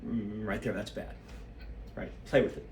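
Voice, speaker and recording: A man's voice: lowish voice, steady tone, normal speed, darkish tone, echoey room, recorded from a distance, a little hiss or hum. A man in his fifties, slightly out of breath, rambling and losing his train of thought as he thinks aloud while shaking his body. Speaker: solo practice vlogger.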